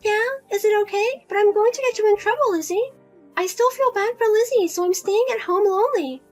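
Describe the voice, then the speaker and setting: With an extremely high pitch, a brisk delivery, and a darkish tone, a woman portrays a pushy middle-aged mother nagging her grown daughter. The character is whiny, pleading, and guilt-tripping, and soft music plays behind her.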